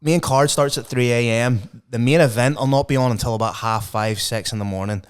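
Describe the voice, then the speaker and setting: Man, podcast co-host, casual sports chat, sweary, smooth clear voice, medium pitch. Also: fairly quick. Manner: enthusiastic, sweary, previewing fights. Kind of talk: casual chat about MMA.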